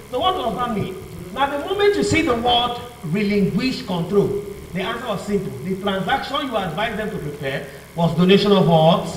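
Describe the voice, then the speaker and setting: A man's voice: high-pitched, slight background noise. A male law teacher giving a revision lecture, asking the class to finish his sentences with "what?". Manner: call-and-response questioning, repeats "what?" for the class to fill in. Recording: echoey room, mic far off, faint ambience.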